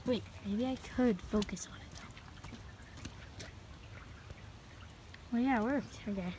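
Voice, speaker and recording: A woman's voice: on the high side, unhurried, dark tone, a little hiss or hum, poor audio. A woman vlogging alone as she walks a wooded trail, jumpy and swearing often, recorded on a handheld phone. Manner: jumpy, swears often, mutters half under her breath. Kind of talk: nervous solo walking vlog. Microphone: phone held in hand.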